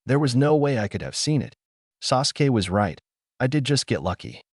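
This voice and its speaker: A man reading the lines of a loud, stubborn boy ninja in a fan story, in a lively tone. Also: mid-range voice, moderate pace, dry recording, studio quality. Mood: forced cheer. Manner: loud, upbeat.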